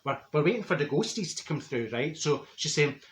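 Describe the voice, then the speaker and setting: Man in drag as a chatty, high-voiced Glaswegian auntie, rambling and gushing, in an echoey room. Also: big pitch swings, brisk, slight background noise. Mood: gossipy. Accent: Glaswegian Scottish. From Glasgow, Scotland. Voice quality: chatty, repeats and stumbles over words, gushing. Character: brash chatty Glasgow woman, straight-talking gossip. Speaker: comedy character. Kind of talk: comic monologue. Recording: roomy echo.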